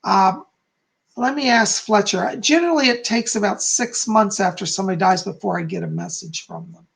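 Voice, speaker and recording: A man's voice: sits high, moderate pace, gravelly, fairly bright tone. A man hosting a live stream as a psychic, relaying spirit messages to viewers by name while losing his voice.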